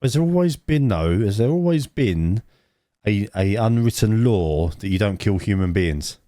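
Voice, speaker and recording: Male podcast co-host, low voice, dry close mic, stumbling rambling delivery. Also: expressive, moderate pace, warm tone, no room sound. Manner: rambling, many restarts and stumbles. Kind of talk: casual chat. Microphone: own mic, remote.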